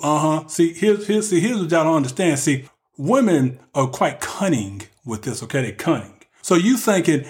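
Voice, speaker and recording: A man with a fairly high voice gives relationship tips in a loose, joking monologue. He talks straight to the men in his audience, like he is coaching them. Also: expressive, moderate pace. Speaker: vlogger giving relationship advice. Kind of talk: casual advice monologue.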